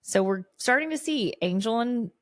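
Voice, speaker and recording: A woman co-hosting a podcast, chatting casually as she recaps a TV episode in an animated way. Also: on the high side, normal speed, no room sound. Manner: animated, acts out quoted lines with laughs. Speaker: podcast co-host.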